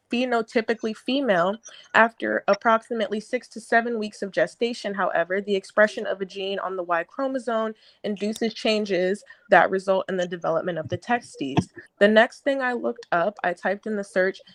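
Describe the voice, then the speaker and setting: A woman of middle pitch reads scientific findings aloud to a panel. She is careful and explanatory, and her voice has a dry, close sound. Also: no echo, rough recording. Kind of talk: reading research aloud.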